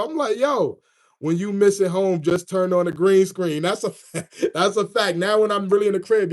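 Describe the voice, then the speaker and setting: A young man hosts a casual livestream, greeting chat viewers by name in laid-back slang and chuckling often. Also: sits high. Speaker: livestream host. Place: at work in front of a green screen.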